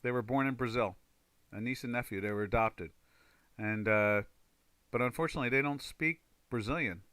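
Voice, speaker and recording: A man's voice: mid-range voice, fairly quick, pushed and bright, clean tone, dry recording. Rambling man hosting a trading stream. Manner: rambling, reads viewer chat aloud, many fillers. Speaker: trading livestream host. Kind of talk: casual live-stream chat.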